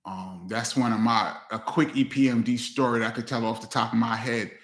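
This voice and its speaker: A man's voice: fairly even intonation, brisk, a bit bright. A man hosting a live Q&A chat as a DJ, telling stories casually and acting out other people's lines. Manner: loose storyteller, acts out friends' lines with big pitch jumps. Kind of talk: casual storytelling livestream. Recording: roomy echo.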